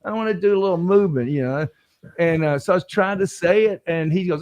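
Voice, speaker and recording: Animated male storyteller on a stream. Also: sits high, quick pace. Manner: animated storyteller acting out quoted voices. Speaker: actor guest. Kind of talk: casual chat, telling anecdotes. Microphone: video call stream.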